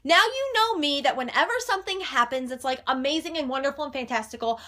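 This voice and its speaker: A young woman chats straight to her viewers in a high, bright voice. She talks loud and bubbly, peppering her speech with playful swearing. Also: expressive, fast. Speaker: vlogger. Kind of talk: casual chat to camera.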